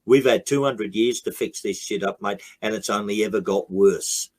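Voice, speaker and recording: A man's voice: on the low side, moderate pace, a little mellow, slightly rough. An Australian man, a guest in a heated interview, speaking bluntly and emphatically with frequent swearing.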